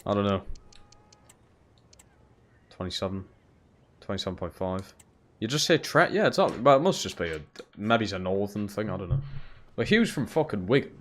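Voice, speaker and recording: A man's voice: fairly low pitch, very animated, moderate pace, long pauses. A young man live-streaming a football game, swearing freely and chatting back to his viewers. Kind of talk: casual live-stream chat while gaming.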